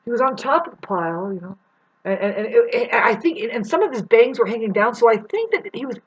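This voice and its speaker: A woman with a slightly high, animated voice tells a rambling story fairly quickly in a casual monologue. She swears and acts out the people she describes with big voice swings, and the recording is slightly rough and muffled.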